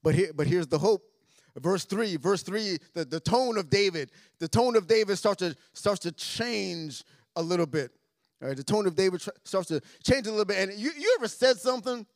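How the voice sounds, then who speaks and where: A man with a fairly high voice preaches to his congregation, repeating phrases and swinging from hushed to loud. The sound is dry and close. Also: animated, normal speed, no room sound. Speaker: pastor. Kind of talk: sermon. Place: church sanctuary.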